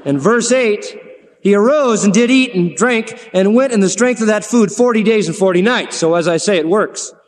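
A man delivering a sermon, recounting the story with animated energy and voicing the lines he quotes. His voice sits a little high for a man. The sound carries a long hall reverb. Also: normal speed. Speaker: preacher.

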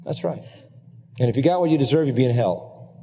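A man's voice: medium pitch, lively intonation, brisk, mellow. A man preaching a sermon as pastor, earnestly exhorting his congregation and reeling off scripture references. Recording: long reverb from a large hall.

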